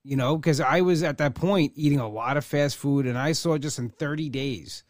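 A man hosting a casual interview, reflecting out loud and sharing his own experiences. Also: on the high side, normal speed, no echo, clean studio sound. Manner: reflective, shares personal stories. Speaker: podcast host.

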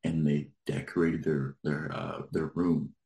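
A man with an extremely low, deep voice, chatting casually and rambling through a story with lots of filler words. He sounds like he's in a roomy, echoey space. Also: level tone, unhurried, mellow. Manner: rambling, lots of likes, laughs while telling. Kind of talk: casual chat.

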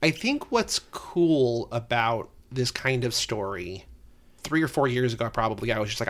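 A man's voice: medium pitch, expressive, brisk, fairly bright tone. Chatty man enthusing on a podcast. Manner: enthusiastic, leans heavily on "like". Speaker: podcast co-host. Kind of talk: casual podcast chat.

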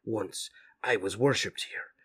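A man doing a solemn husky jaguar mutant. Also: fairly low pitch, pushed and bright, heavily acted. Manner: measured, solemn, sprinkled with Spanish words. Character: wise male jaguar mutant, solemn jungle protector.

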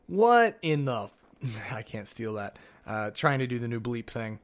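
A man's voice: mid-range voice, measured pace, a bit bright. A man hosting a solo podcast, chatting casually and rambling through old notes with jokey asides. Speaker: podcast host.

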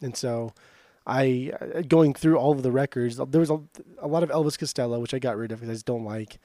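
A young man chatting casually as co-host, his voice warm and mellow. He rambles with plenty of hesitations and likes to tease. The sound is dry and close, with no room around it. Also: medium pitch, a little fast, dry recording. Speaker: podcast co-host. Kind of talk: casual chat.

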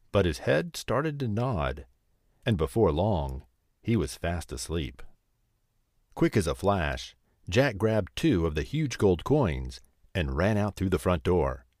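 A man reading a fairy tale aloud as a storyteller, in a slow, lively storybook telling. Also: sits low, dry recording, clean studio sound.

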